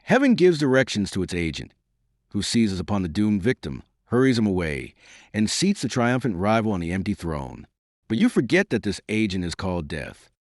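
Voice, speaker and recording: A man's voice: lowish voice, big pitch swings, normal speed, dry recording, studio quality. A man voicing a shaken royal superintendent who speaks in urgent, alarmed protest. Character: agitated male royal superintendent, middle-aged, shaken.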